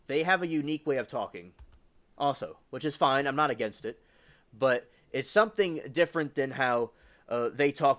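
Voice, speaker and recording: A man's voice: fairly high pitch, fairly bright tone. A man from the US South hosting a livestream, rambling casually with lots of fillers and restarts. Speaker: livestream host.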